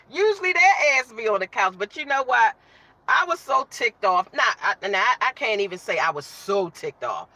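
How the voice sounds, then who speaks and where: A woman's voice: medium pitch, very animated, moderate pace, bright, forceful tone. A woman hosting a casual live stream, chatting with viewers, greeting them by name and talking while she eats.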